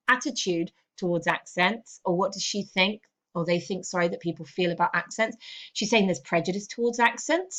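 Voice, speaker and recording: A woman English teacher talking through a lesson in a steady, explanatory way, checking in with "okay" as she goes. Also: mid-range voice. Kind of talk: recorded classroom lesson.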